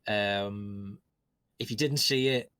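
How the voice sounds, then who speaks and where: A man's voice: on the low side, slow, bright, forceful tone, smooth. A man hosting post-match interviews, asking rambling questions full of ums and restarts.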